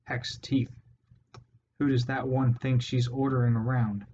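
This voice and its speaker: A man's voice: medium pitch, little pitch movement, unhurried, mellow, natural voice. A man voicing a nervous, hot-tempered male rat lieutenant in a storybook reading, with a hissing, spluttering delivery. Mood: anxious. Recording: dull lo-fi audio, faint hiss.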